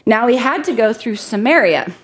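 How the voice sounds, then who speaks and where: A woman preaches to a church congregation, her voice sitting a little high. She reads scripture aloud and speaks in a loose, chatty way, joking with the people in front of her. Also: lively intonation, moderate pace, husky. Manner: conversational, jokes with the congregation. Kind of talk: sermon with Bible reading.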